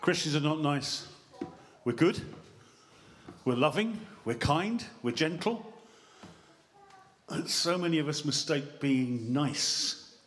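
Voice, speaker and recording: A man preaching a sermon in church on a handheld mic, lively and joking, drawing the congregation in with questions. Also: a little high, takes it slowly, pauses often, a little hiss or hum. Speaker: pastor. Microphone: handheld microphone.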